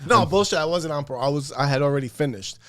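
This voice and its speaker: A man casually telling a story on a podcast, animated and profane, acting out what people said. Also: on the high side, racing, no room sound. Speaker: podcast guest.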